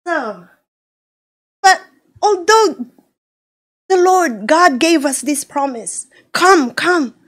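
A woman pastor from the Philippines preaching a sermon, slow and animated, acting out quotes as she goes. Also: very high voice.

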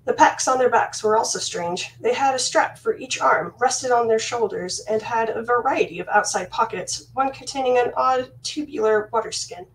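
A woman reading her own fantasy novel aloud in the first person, with steady, measured storytelling. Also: fairly high pitch, slight background noise. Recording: voice slightly distant from mic.

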